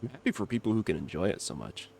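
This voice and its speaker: A man's voice: on the low side, big pitch swings, quick pace, creaky, darkish tone, a little hiss or hum. A young man chatting casually with his livestream chat while gaming, laughing often and reacting to comments. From not from Kentucky. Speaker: streamer.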